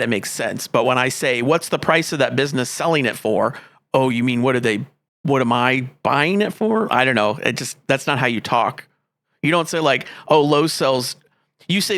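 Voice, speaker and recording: A man's voice: medium pitch, sharp tone, dry recording. A man giving casual gameplay commentary, thinking aloud in a rambling way and getting easily exasperated. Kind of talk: casual let's-play commentary.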